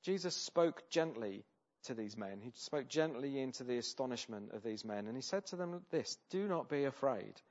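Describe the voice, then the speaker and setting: A man preaching a sermon in an earnest, conversational way, often turning statements into gentle questions to his listeners. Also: mid-range voice, animated, moderate pace, highs cut off. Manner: earnest, conversational, asks rhetorical tag questions.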